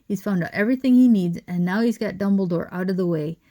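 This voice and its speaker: A woman's voice: medium pitch, fast, lightly acted. A woman doing an urgent, determined schoolboy. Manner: urgent, forceful. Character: determined young schoolboy hero.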